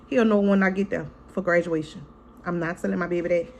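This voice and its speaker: A family vlogger and mom tells a storytime in a chatty, blunt, swear-heavy way, repeatedly calling her audience "y'all" and "girl" and dramatizing scenes vividly. Her lowish voice is steady, a little mellow and a touch fast.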